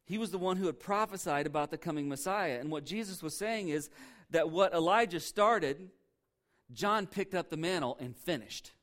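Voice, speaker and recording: A man's voice: on the high side, expressive, normal speed, a bit bright. A male pastor preaching a sermon in a church, emphatic and conversational, throwing rhetorical questions at the congregation.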